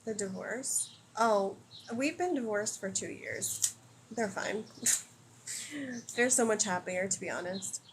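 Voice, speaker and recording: Amid background noise, a woman in her thirties from the United States hosts a casual livestream, reading out comments and giving blunt, opinionated answers laced with swearing. Her pitch is medium, her pace slow, and she pauses often.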